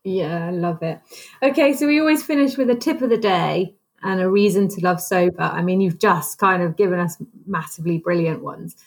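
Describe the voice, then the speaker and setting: A woman's voice: on the low side, fairly quick. A woman co-hosting a podcast, chatting casually and laughing often as she talks. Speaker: podcast co-host. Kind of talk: casual interview chat.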